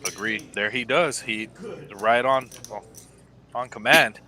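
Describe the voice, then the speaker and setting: A man's voice: on the low side, slow pace, pushed and bright. A man co-commentating a live poker game, casual and chatty with frequent fillers.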